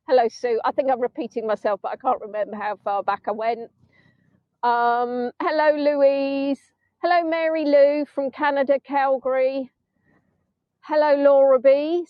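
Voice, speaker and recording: A woman's voice: high-pitched, no echo. A middle-aged English woman guiding a live virtual tour from the sand dunes. She chats to viewers, mocks herself and breaks into bits of song. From England. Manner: chatty, self-mocking, breaks into snatches of song. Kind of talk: casual live-stream chat. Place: outdoors in sand dunes by the sea. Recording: dull, dry phone-stream audio.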